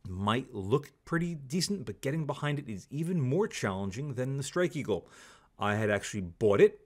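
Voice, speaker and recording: A man giving a candid, opinionated product review, talking casually and repeating stock phrases. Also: medium pitch. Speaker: scope reviewer.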